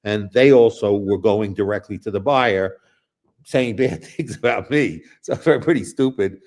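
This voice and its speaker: Male host, lower voice, loose rambling delivery, blunt and crude. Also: measured pace, a little mellow. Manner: rambling, many restarts and fillers; blunt and profane. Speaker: show host. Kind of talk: casual political talk.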